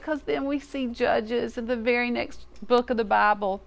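A woman's voice: a little high, normal speed, vocal fry. Folksy woman teaching from scripture. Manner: folksy, animated, casual turns of phrase. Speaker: Bible teacher. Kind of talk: conversational Bible teaching.

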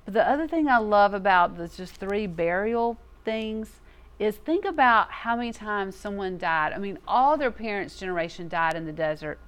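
A woman teaches from scripture in a relaxed, conversational way, with a mid-range voice. She talks in a folksy, plainspoken style and lets her delivery liven up as she explains. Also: mid-range voice, normal speed, clean tone. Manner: folksy, animated, casual turns of phrase. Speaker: Bible teacher.

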